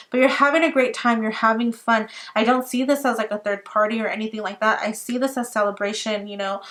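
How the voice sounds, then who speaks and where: A woman's voice: fairly high pitch, a bit bright. Chatty young woman, slightly worn voice. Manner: chatty, filler-heavy, addresses viewers as guys. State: tired, losing her voice. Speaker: tarot reader. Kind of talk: casual tarot reading.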